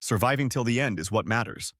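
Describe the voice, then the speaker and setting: A man voicing a calm, cocky young male fighter who speaks dry and mocking, close to the mic. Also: medium pitch, brisk, dry recording, lightly acted.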